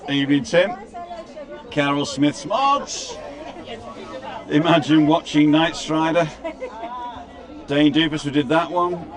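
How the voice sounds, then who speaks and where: A slightly high-voiced British man chats his way through a livestream outdoors, greeting viewers one by one and adding dry little remarks. A busy crowd murmurs clearly around him on the street. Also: flat delivery, moderate pace. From Britain. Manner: chatty, greets viewers by name, wry asides. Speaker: livestream host. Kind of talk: casual live chat, reading out viewer comments.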